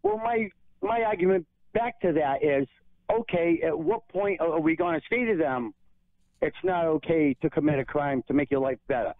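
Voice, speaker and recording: A man phones in to a radio talk show, heard through a narrow, tinny telephone line. His voice sits a bit high and dry as he earnestly argues his points one by one. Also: very animated, moderate pace, creaky, dry recording. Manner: earnest, argumentative. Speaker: caller.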